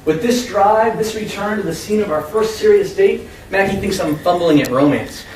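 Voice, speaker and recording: Young American man, author reading his story, high voice, expressive, echoey room, distant mic, faint background hum. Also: normal speed. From United States. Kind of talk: live public reading of first-person fiction. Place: convention room with an audience.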